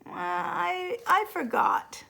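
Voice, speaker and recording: A woman's voice: very high voice, animated, very slow, creaky, sharp tone, voice pushed up, heavily acted. A woman voicing a forgetful, muddled eraser in a storybook reading, moaning and fretting.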